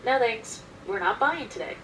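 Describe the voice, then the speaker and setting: A woman's voice: on the high side, expressive, moderate pace, fairly bright tone, recorded from a distance, a little hiss or hum. A woman voicing her husband, who turns down offers in a dry, curt way. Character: flat unbothered husband.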